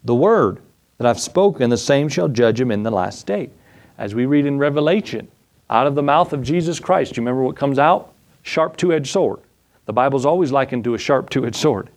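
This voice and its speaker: A man's voice: expressive, normal speed, darkish tone. A man preaching a sermon as a Bible teacher. He reads scripture aloud, asks his listeners questions and drives his points home with emphasis. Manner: emphatic exhortation, pitch jumps up on key points.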